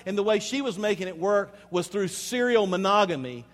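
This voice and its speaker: A male pastor delivering a sermon, swinging between hushed, slow passages and loud, emphatic preaching, and speaking straight to the congregation with rhetorical questions. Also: high-pitched, lively intonation. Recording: long hall reverb.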